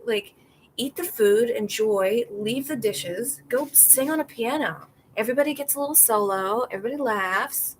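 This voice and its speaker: A woman's voice: a little high, brisk, a little hiss or hum, rough recording. A young woman hosting a podcast, chatting candidly and with strong opinions, often acting out what other people said. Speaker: podcast host. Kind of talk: casual chat reacting to live comments.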